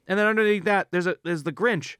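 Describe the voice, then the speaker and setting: A man's voice: high-pitched, quick pace, fairly bright tone, clear, resonant tone, no echo, clean studio sound. A man co-hosting a hockey podcast in casual chat, loose and profane, retelling stories and acting out the people in them. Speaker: podcast co-host.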